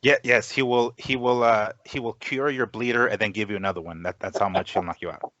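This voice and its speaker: A man on a casual boxing podcast panel, trading quick jokes. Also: on the low side, fairly even intonation, a bit bright, no echo. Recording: dry lo-fi podcast audio.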